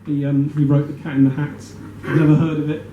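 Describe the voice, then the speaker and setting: A man performing a stand-up comedy set in a small venue, rambling and self-deprecating, with an animated delivery. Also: on the high side, fast, highs cut off. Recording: echoey room with audience noise. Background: audience laughter.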